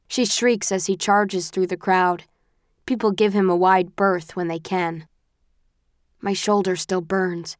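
A woman reading a first-person audiobook in a measured, even storytelling manner. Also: lowish voice, no room sound, studio quality. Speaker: audiobook narrator. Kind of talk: scripted first-person narration.

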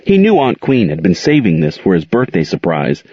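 A man narrating a children's story aloud with expressive storytelling. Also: sits low, moderate pace, breathy edge, no echo. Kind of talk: audiobook narration. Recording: dull lo-fi recording.

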